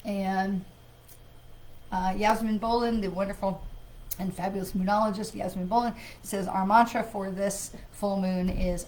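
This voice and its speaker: A woman's voice: mid-range voice, fairly even intonation, unhurried, darkish tone, slight background noise, poor audio. A woman, a psychic medium, hosting a live card reading in a chatty way, with sighs and filler words. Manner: conversational, with frequent fillers and sighs; greets viewers by name.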